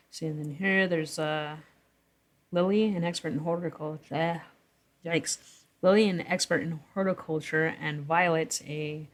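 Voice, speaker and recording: Woman vlogger with a deep voice, walking through her own story draft, rambling and self-correcting. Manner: rambling, self-correcting, chuckles between thoughts. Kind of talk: casual vlog commentary reading from her draft.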